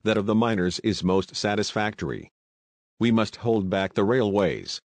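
A man voicing a methodical male agent with a clear voice, formal and businesslike. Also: on the low side, normal speed, a little mellow, no echo, natural voice.

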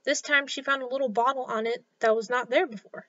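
A woman reads a children's story aloud with clear, expressive delivery. Her voice is high and bright. The recording is a little dull and lo-fi. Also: fairly quick. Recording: slightly dull lo-fi sound.

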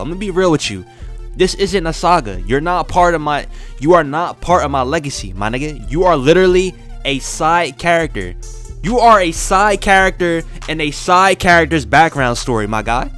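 A young man trash-talks a rival in a boastful, profane YouTube rant. His fairly high voice swings up and down with animated energy, over faint music in the background. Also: normal speed. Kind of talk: trash-talking diss rant.

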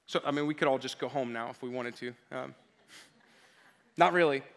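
A male pastor delivering an energetic sermon at a church service, building to emphatic preaching and leading the congregation in call-and-response. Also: mid-range voice, normal speed, vocal fry.

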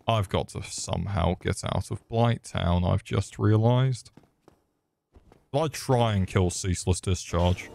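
Crude joking man, low voice. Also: gravelly, darkish tone. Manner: swears freely and jokes crudely, mocking enemies. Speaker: gaming video creator. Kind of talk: crude comedic gameplay commentary.

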